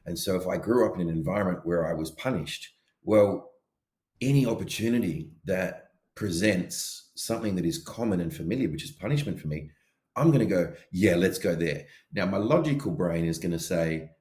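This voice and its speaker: A man co-hosting a podcast in casual chat, animated as he acts out his inner voices. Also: deep voice, fairly quick, roomy sound. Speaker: podcast co-host.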